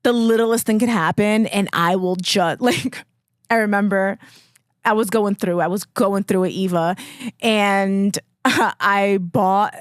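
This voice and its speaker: A young woman co-hosting a podcast, telling funny stories in an animated, self-mocking way. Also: mid-range voice, slow, no room sound, clean studio sound. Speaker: podcast co-host. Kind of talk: casual chat.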